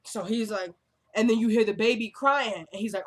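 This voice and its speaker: A woman's voice: medium pitch, fairly quick. A young woman casually recapping a TV episode, retelling scenes with lots of "like" and "y'all" and acting out the characters' lines. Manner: uses fillers like "like" and "y'all".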